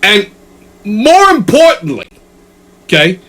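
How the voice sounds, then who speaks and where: A man's voice: sits high, wildly swooping pitch, slow, a bit bright. A male host giving a profane, exasperated comedic rant and tagging his points with "okay?". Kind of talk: ranting comedic commentary.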